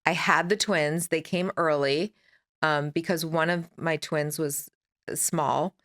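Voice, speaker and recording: A woman in her forties speaks with a fairly low voice as a podcast guest. She tells her story candidly and in a rambling way. She slips into her own past dialogue as she talks. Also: fairly even intonation, unhurried, fairly bright tone.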